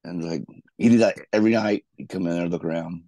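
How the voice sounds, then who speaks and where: A low, gravelly man tells loose, rambling stories about his wrestling career. His tone is dark and mellow, and the sound is dry and close. He restarts his sentences often as he talks. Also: quick pace, no echo. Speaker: guest, former pro wrestler. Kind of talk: casual storytelling interview.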